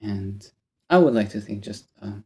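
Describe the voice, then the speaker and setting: A man's voice: lowish voice, normal speed. A man telling a rambling story to camera in a casual vlog, often stopping to correct himself. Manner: rambling, animated, self-interrupting. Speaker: vlogger.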